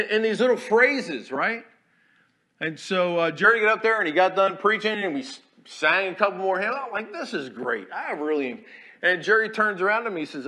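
Bright-voiced man preaching. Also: high voice, animated, normal speed. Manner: folksy, swings from quiet asides to loud declarations. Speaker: Army chaplain guest preacher. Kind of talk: storytelling sermon. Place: church sanctuary.

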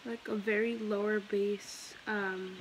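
A woman's voice: mid-range voice, little pitch movement, takes it slowly. A young woman in her teens chatting casually in a vlog at home, rambling with many fillers and restarts. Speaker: vlogger. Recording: noisy home recording.

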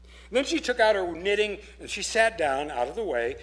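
Pastor, man, storytelling sermon, animated swooping voice, slightly high, chatty asides. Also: normal speed. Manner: expressive read-aloud with casual asides. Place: church.

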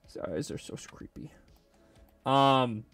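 A man's voice: mid-range voice, animated, takes it slowly, fairly bright tone, soft background music. A man casually talking to himself while he sculpts a 3D model, rambling and joking as he works. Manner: rambling, jokey, talks to himself. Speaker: 3D sculpting video creator. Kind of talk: casual self-talk while working.

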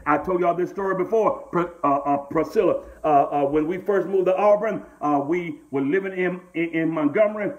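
A man's voice: high voice, muffled recording. A middle-aged man, a pastor preaching a sermon and calling out to members of his congregation. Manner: preaching with call-outs to congregants and repeated "glory to God".

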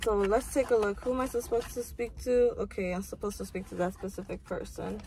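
A woman's voice: mid-range voice, a little fast, hardly any pauses, very noisy. A young woman in her twenties talking through her day in a casual vlog, candid and full of slang and swearing. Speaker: vlogger.

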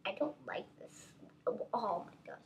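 A gaming channel host gives excitable, chatty commentary on her gameplay, exclaiming constantly at whatever unfolds on screen, though her pace stays unhurried.

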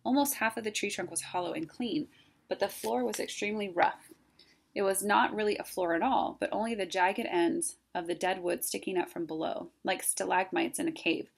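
A woman, a teacher, reading a chapter book aloud in a plain, steady way. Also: mid-range voice, normal speed, vocal fry, breathy edge. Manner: plain, steady reading with some self-corrections.

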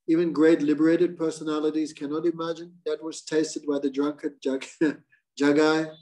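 A spiritual teacher tells a devotional story in a class, animatedly acting out the lines of its figures. His voice is fairly high in pitch, and the audio is poor.

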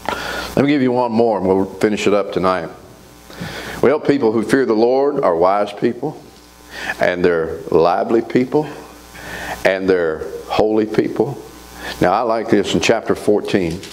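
A man preaching a sermon in a church, folksy and animated, asking the congregation to answer back. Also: lowish voice, a little slow, long pauses, poor audio. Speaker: pastor. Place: church sanctuary.

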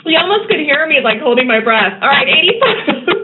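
A woman hosting a live day trading stream, talking excitedly to herself and her viewers with frequent laughter. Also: high-pitched, unhurried. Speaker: day trading show host. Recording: tinny phone-like audio with faint noise.

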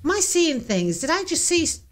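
A woman's voice: high voice, sing-song, moderate pace, faint music behind. A woman hosting a reaction video, swearing and exclaiming as she watches a ghost hunt, panicky and jumpy.

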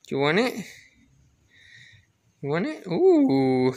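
A father gently coaxing his baby in a home video, sometimes turning playfully dramatic. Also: fairly high pitch, wildly swooping pitch, takes it slowly, long pauses.

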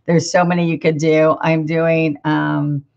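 A middle-aged Southern woman hosts a live painting stream and chats easily, greeting her viewers by name between small laughs. Her voice sits low with a gravelly edge, and she talks at an unhurried pace. The sound is dull and lo-fi. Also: level tone, a little mellow. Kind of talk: casual live-stream chat.

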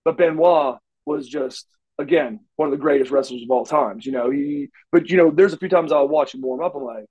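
Middle-aged man, raised in Oklahoma, slightly high voice, rambling storyteller, curses freely. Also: quick pace, a little mellow, breathy edge, dull audio. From Oklahoma, USA. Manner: rambling, restarts often, salty language. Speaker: interview guest, former wrestler. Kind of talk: shoot interview storytelling.

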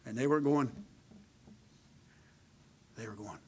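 A middle-aged man preaching a sermon, calling for amens and moving between loud emphatic delivery and a hushed near-whisper. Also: mid-range voice, takes it slowly, slight background noise, low-quality recording. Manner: calls out "amen" to the congregation. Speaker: pastor.

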